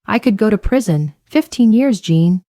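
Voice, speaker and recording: A woman's voice: normal speed, warm tone, no echo, clean studio sound, natural voice. A woman voicing a panicked young woman who pleads and whimpers, her voice climbing as she begs. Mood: sobbing, begging. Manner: pleading, tearful, rising to high pitch.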